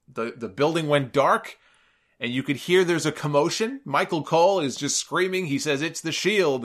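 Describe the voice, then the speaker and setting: A man casually retelling a wrestling match, amused and animated, acting out the quotes he repeats. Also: a little high. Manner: animated, amused, quotes people in raised voices. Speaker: wrestling commentator recapping a match. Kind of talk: casual storytelling recap.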